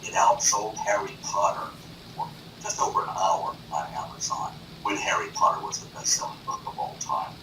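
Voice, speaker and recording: A man from North Carolina, a boastful and animated talk show guest in a TV studio. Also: low-pitched, recorded from a distance. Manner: boastful, animated, does quick impressions. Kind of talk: boastful chat. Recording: echoey room, off-mic, noisy.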